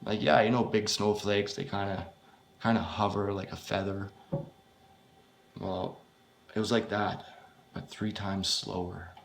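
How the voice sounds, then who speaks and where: A man reading his own first-person horror story aloud, in a halting, unpolished way with frequent swearing. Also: fairly low pitch, flat delivery, creaky, slight background noise.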